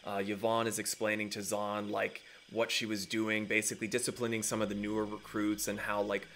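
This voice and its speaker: A man's voice: lowish voice, monotone, a little fast, a bit bright, a little hiss or hum. Rambling male game master. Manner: rambling, filler-heavy narration. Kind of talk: narrating a tabletop game.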